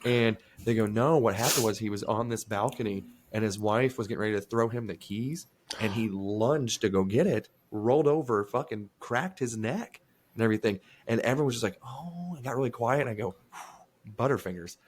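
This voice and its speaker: A young man hosting a podcast, telling profane, animated stories in casual chat, often acting out other people's lines. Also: lowish voice, a little fast, a little hiss or hum. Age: young adult. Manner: profane, animated storytelling with voiced quotes. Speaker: podcast host.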